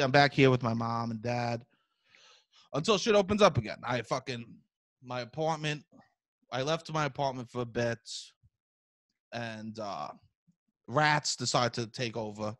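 A man, hosting a podcast in casual chat, loud and profane, telling animated stories. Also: medium pitch, a little slow, long pauses. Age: 30s. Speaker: podcast host.

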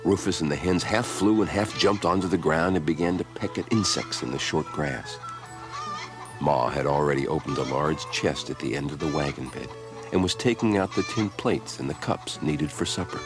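A man reading a children's storybook aloud in an expressive, unhurried way. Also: very deep voice. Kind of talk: read-aloud storybook narration. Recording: background music.

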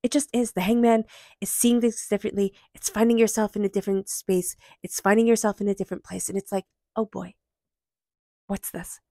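A woman's voice: mid-range voice, little pitch movement, fast talker, mellow, no echo, clean studio sound. A woman giving an intuitive tarot reading, earnest and emphatic, with soothing repeated affirmations. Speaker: tarot reader.

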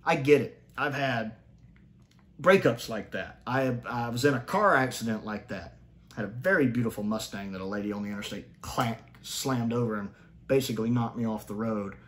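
A man casually reviews a TV episode, voicing opinions as he thinks them through, frequently restarting and spiking his pitch for emphasis. He speaks at a moderate pace with a fairly bright tone.

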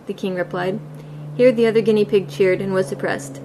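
A woman's voice: mid-range voice, steady tone, background noise. Woman reading a storybook aloud. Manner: plain, unhurried reading with small slips. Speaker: audiobook reader. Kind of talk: reading a classic children's novel aloud.

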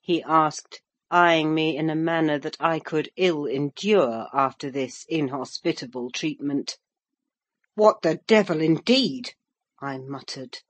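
An audiobook narrator reading a classic novel in a measured, formal storytelling manner. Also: mid-range voice, steady tone, a bit bright, no echo.

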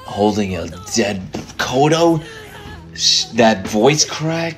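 Excitable man reacting to anime. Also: on the low side, slow, soft background music. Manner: excitable, swearing, talks back to the screen. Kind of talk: emotional reaction commentary.

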